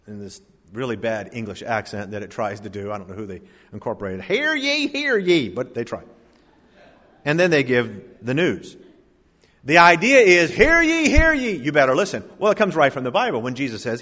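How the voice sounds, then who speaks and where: Man preaching in an echoing hall. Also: medium pitch. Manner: preaching with dramatic swings between loud emphasis and hushed asides. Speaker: pastor. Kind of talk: sermon. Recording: long reverb of a large hall.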